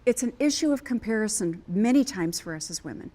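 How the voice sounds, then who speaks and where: A woman's voice: medium pitch, expressive, fairly quick, dark tone. An older American woman, a marriage coach, giving an earnest teaching talk to couples and acting out phrases with emphasis.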